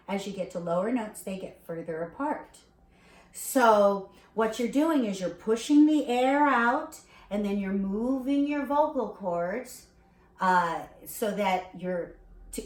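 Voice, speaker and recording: Vocal coach woman in an echoey room. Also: medium pitch. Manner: encouraging, checks in with frequent "okay?". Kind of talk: beginner singing lesson, demonstrating warm-ups.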